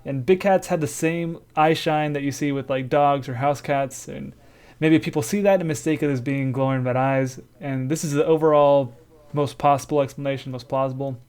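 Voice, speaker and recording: A man's voice: on the high side, fairly even intonation, moderate pace, a little mellow, smooth. A man co-hosting a casual podcast, talking in a loose, chatty way and laughing easily. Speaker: podcast co-host.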